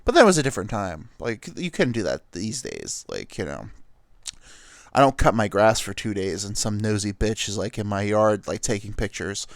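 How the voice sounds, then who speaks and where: A man's voice: lowish voice, dry recording, clean studio sound. A man hosting a comedy podcast, riffing in a rambling, profane monologue full of filler words.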